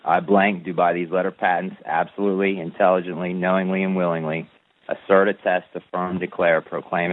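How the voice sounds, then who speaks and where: A man reading a long formal declaration aloud in a measured, deliberate recitation, then answering a caller's questions. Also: low-pitched. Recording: tinny phone-line radio audio.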